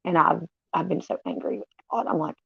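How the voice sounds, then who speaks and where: A woman talks candidly to her camera, swearing freely and joking darkly. Her voice has a gravelly fry. The sound is dull and dry. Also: deep voice, expressive, brisk, no echo. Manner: candid, profane, with dark humor. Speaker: vlogger. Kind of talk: casual, unfiltered storytelling.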